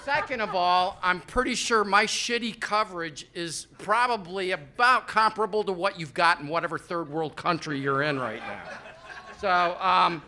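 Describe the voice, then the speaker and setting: A man's voice: high voice, normal speed, pushed and bright, a little hiss or hum. A man in his fifties doing a rambling, profane, self-deprecating stand-up set on a live comedy stage. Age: 50s.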